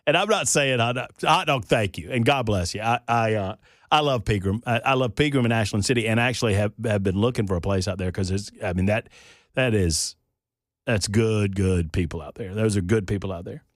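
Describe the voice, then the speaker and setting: A man's voice: fairly low pitch, fairly quick, dry recording, clean studio sound. A man hosting a talk radio show, telling a joke in a folksy, drawling way and laughing often.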